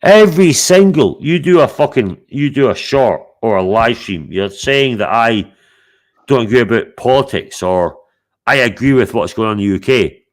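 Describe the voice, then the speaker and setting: Sweary man, fairly low voice. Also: normal speed. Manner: blunt, sweary, confrontational. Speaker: live stream host. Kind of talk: heated live stream chat.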